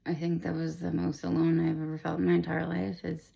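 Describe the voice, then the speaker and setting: Young woman with heavy vocal fry. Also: on the low side, monotone, brisk, mellow. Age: 20s. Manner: rambling, emotional, full of "like" and restarts. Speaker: vlogger sharing her cancer diagnosis. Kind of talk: candid personal storytelling to camera.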